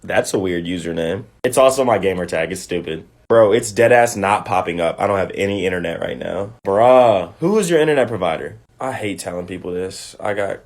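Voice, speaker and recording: A man's voice: deep voice, expressive, a little fast, few pauses. A man acting out both parts of a comic skit, in streetwise slang. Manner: streetwise slang, jumping between characters.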